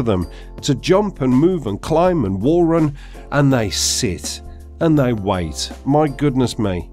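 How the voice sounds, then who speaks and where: A man delivering a sarcastic, sweary gameplay rant. His pitch swings widely as he gets worked up, and faint music plays underneath. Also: very animated, a little slow, a little mellow. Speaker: gaming commentator. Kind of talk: ranting gameplay commentary.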